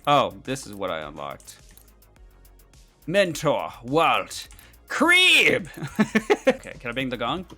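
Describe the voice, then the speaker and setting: A woman streams a game with giggly, playful commentary and the odd swear for laughs. Her voice is bright and swoops lively up and down, while she talks slowly. Faint game music runs underneath. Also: a bass voice. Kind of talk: casual gameplay commentary.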